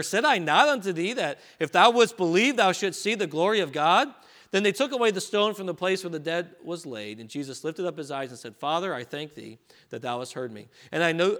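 A man preaching a sermon, reading scripture aloud with rising emphasis and dropping to quieter asides to explain it. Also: high voice.

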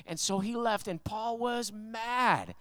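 A male pastor preaching a sermon, animated and conversational, telling stories with emphatic rises in his voice. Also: high voice, slow pace, no echo.

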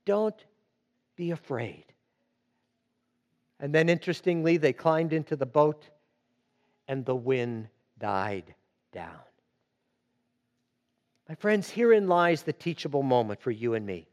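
A man preaching a sermon, slow and emphatic, repeating phrases for weight. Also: fairly high pitch, lively intonation, muffled recording. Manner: slow and emphatic, with dramatic repetition.

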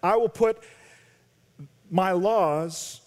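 An American man preaching a sermon as a pastor, animated, swinging between loud emphasis and quiet intensity. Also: high voice, very slow. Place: large church sanctuary. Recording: long church reverb.

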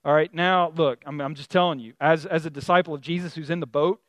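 Male preacher, high-pitched, animated conversational storytelling, dry close mic. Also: quick pace, no echo. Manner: conversational, animated storytelling with many fillers and restarts. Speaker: pastor. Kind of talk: sermon.

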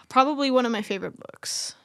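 A woman's voice: high-pitched, moderate pace, vocal fry. A woman co-hosting a podcast in casual chat, giggling often and teasing her co-host.

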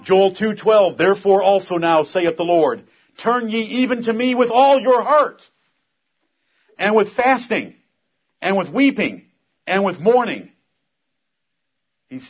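A man's voice: high voice, animated, a little slow, husky, lo-fi sound. A man preaching a sermon, earnest, reading scripture aloud and pressing the point with force.

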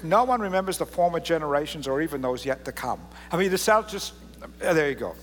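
A pastor preaching a casual, joking sermon and reading scripture aloud with drama. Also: male voice, on the high side, expressive, fast, fairly bright tone, in a large hall. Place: church sanctuary.

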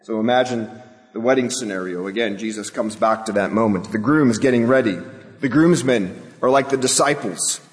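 A man's voice: lowish voice, brisk. A male pastor preaching a sermon, emphatic and full of rhetorical questions. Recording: long hall reverb.

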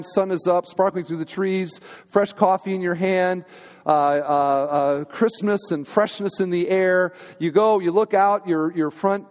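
Pastor preaching with a hall's long echo. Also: male voice, high-pitched, a little mellow. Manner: conversational, humorous, asks the congregation questions. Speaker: senior pastor. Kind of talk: sermon. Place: church sanctuary. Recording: long hall reverb in a church.

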